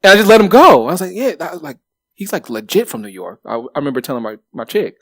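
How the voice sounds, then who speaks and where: A man in his thirties co-hosting a podcast, telling stories in a lively way with plenty of swearing and fillers. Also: fairly high pitch, fast, no echo, studio quality. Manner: animated, swears freely, lots of fillers. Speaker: podcast co-host. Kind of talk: casual chat, storytelling.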